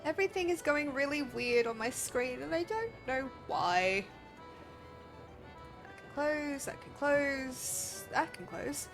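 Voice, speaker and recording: A young woman from Australia streaming a game, chatting casually with viewers, excitable, laughing often and swearing freely. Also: high-pitched, slow pace, gravelly, music in the background. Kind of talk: casual live-stream chat.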